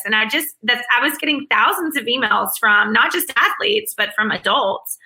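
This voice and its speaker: Bright, upbeat woman interview guest. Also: a little high, expressive, normal speed, hardly any pauses, rough recording. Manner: earnest and upbeat, with frequent restarts. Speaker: education speaker and author, interview guest. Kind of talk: conversational interview answers.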